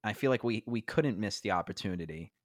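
A man's voice: on the low side, animated, a little fast, no room sound, clean studio sound. A young man co-hosting a podcast, chatting in an easygoing, rambling way. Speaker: podcast co-host. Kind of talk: casual chat.

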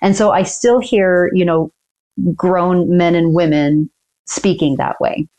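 A woman, a dental attorney, explaining negotiation tactics in an earnest, measured way as an interview guest. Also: on the low side, warm tone. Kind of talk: casual interview talk.

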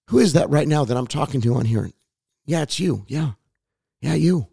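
Raspy hoarse preacher guy praying out loud, fervent, dry close sound. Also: on the high side, lively intonation, normal speed, pauses often, no echo. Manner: fervent, repetitive, prays aloud. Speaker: pastor. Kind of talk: sermon and prayer.

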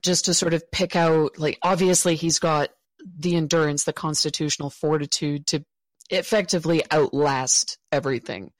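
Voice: mid-range voice, fairly even intonation, normal speed, dry recording. Hesitant player with a dry sound. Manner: hesitant, thinking aloud. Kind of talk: casual tabletop play.

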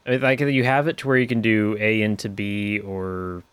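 Male podcast co-host, low and resonant, relaxed, few words. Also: moderate pace, smooth, no room sound. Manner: laid-back, brief replies, chuckles often. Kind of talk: casual chat about guitar gear.

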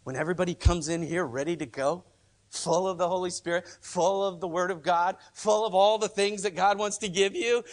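A man's voice: sits high, steady tone, brisk. A male pastor preaching a sermon in church, talking conversationally and emphatically, often repeating phrases.

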